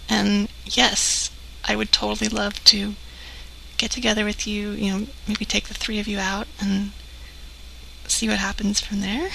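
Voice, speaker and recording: Brief: woman doing a slow, breathy flirt, bright and gravelly, teasing and coy. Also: medium pitch, a little hiss or hum, full character voice, poor audio. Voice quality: breathy, half-whispered. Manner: coy and teasing, with soft giggles.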